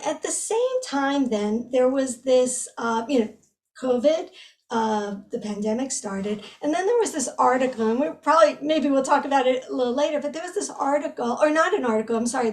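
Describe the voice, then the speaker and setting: Woman, high-pitched, chatty with fillers and restarts, a bit far from the mic. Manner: chatty, with many fillers and self-corrections. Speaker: researcher guest. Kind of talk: conversational interview.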